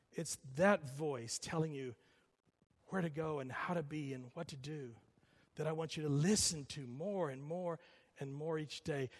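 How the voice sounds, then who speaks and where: Pastor, male, slightly high voice, lively repetitive preaching, echoing hall sound. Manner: animated storytelling preacher, repetitive emphasis. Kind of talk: sermon.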